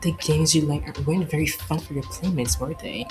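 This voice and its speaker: A cold, contemptuous older female vampire , voiced by a woman playing through a game. She speaks low and measured, full of scorn. Game music runs beneath. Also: close to an everyday voice, poor audio.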